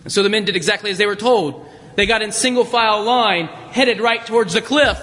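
A man with a high, bright voice tells a story to an audience, chatty and full of restarts. His voice rings in a reverberant hall. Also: brisk. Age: adult, worked a job at seventeen years ago. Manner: conversational with frequent restarts. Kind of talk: storytelling illustration in a talk.

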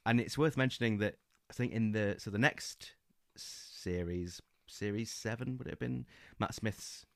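A low-pitched man co-hosting a podcast, talking eagerly and rambling, full of ums and false starts. His voice is close and dry. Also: a little slow, vocal fry, hardly any pauses, no room sound. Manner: enthusiastic, rambling with many fillers and restarts. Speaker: podcast co-host. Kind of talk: casual book-club chat.

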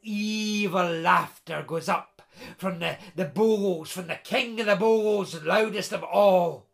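Male storyteller, animated, high-pitched voice, stammers for effect. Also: unhurried, vocal fry. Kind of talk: oral storytelling to listeners.

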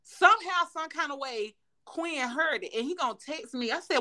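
High-voiced brash woman podcaster. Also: normal speed, few pauses. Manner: loud, profane, laughing, animated storytelling. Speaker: podcast co-host. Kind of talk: casual chat.

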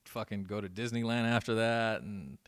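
A man's voice: on the low side, moderate pace. A man in his thirties, a guest DJ in casual chat, talking loosely with lots of swearing and restarts. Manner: loose and profane, many restarts.

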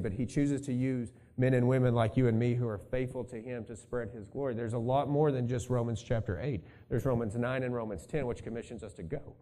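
A man's voice: medium pitch, fairly even intonation, brisk, few pauses, mellow. A male pastor preaching a sermon in a conversational way, thinking aloud and adding asides to his congregation.

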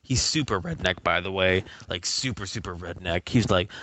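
A lower-voiced man telling a story on a casual podcast. He rambles, swears constantly and breaks into exasperated outbursts. The sound is close and dry. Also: moderate pace, bright, forceful tone, no echo. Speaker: podcast co-host. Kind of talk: casual chat. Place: gaming podcast recording.

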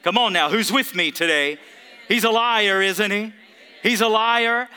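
A man's voice: sits high, unhurried, bright, forceful tone, clear, resonant tone. A man preaching a sermon, emphatic, calling out to the congregation for responses. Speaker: pastor.

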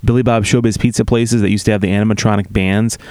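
A man co-hosting a casual comedy chat, riffing on jokes in quick bursts and laughing often. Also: on the low side, fairly even intonation, a little mellow, smooth, dry recording. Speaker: podcast co-host.

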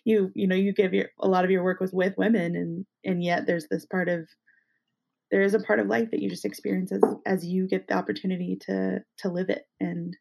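A woman's voice: mid-range voice, level tone, a little fast, vocal fry, a little mellow. A woman who works in women's healthcare, chatting casually with many restarts and hesitations. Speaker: women's healthcare worker, co-host. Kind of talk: casual conversation.

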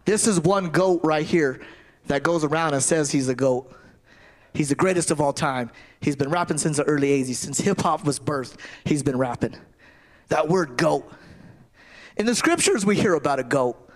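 His pitch fairly high, this preacher is animated and speaks at a normal speed. The sermon has a conversational feel, with phrases regularly repeated and restarted.

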